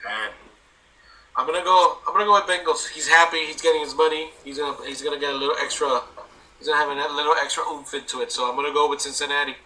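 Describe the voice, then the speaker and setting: Bright-voiced joking male co-host. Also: fairly high pitch, fairly even intonation, fast talker, distant mic, poor audio. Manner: joking, teasing banter. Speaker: podcast co-host. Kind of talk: casual chat.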